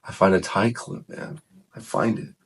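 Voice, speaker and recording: A man's voice: deep voice, fairly even intonation, moderate pace. A man telling his faith testimony in a loose, rambling way, full of fillers and self-corrections. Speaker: guest sharing his testimony. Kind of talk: casual testimony chat.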